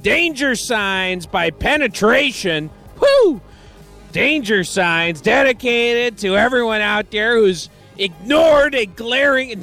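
A man's voice: sits high, vocal fry, sharp tone. A man working as a radio DJ, rambling and joking between songs in a loose, self-deprecating way. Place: radio studio.

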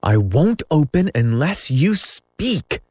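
A man voicing a brave, boastful young boy hero in a raised, excited voice for a storybook reading. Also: fairly high pitch, takes it slowly, slightly rough, no room sound, studio quality, voice pushed up, exaggerated voice. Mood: wary.

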